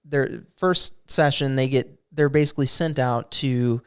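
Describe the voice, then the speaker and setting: A man co-hosting a podcast, casually telling a tabletop game story with plenty of swearing and quick acted-out character lines. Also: medium pitch, clear, resonant tone. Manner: animated storyteller, swearing freely, acts out goblin quotes. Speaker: podcast co-host. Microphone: studio microphone.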